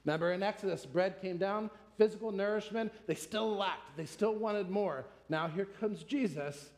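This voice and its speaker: A man's voice: high-pitched, moderate pace, darkish tone. A man preaching a sermon, teaching in a conversational, emphatic way with rhetorical questions. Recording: long hall reverb.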